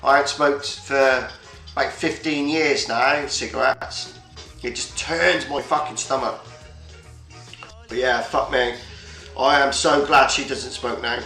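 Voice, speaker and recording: A man's voice: mid-range voice, fairly even intonation, slow pace, creaky, pauses often, bright, forceful tone. A man chatting casually on a livestream, swearing often and rambling from point to point. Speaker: livestream host. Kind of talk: casual chat. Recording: roomy echo, faint music behind.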